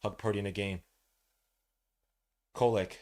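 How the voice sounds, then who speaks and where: A man, hosting a fan podcast and calling a live game, swinging from low muttering to loud shouting, full of slang. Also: fairly even intonation, a little slow. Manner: heavy slang, calls out plays between asides. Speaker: podcast host. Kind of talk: live fan watch-along commentary.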